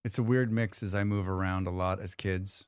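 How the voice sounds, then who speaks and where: Chatty male streamer, crisp dry voice. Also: low voice, fairly even intonation, moderate pace, darkish tone, dry recording. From United States. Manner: rambling, musing aloud and reading chat messages. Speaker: livestream host. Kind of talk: casual chat with chat while gaming.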